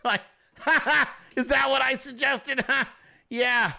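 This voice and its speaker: Man, sarcastic livestream host, high lively voice, gravelly edge, bright tone, swears a lot. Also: fairly quick. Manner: mocking, laughing, profane, puts on high sarcastic voices. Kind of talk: casual livestream commentary.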